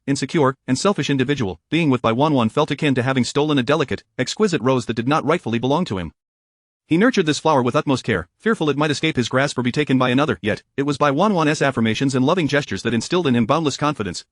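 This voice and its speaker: A man narrating a story in a formal, even reading style. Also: mid-range voice, no room sound, studio quality.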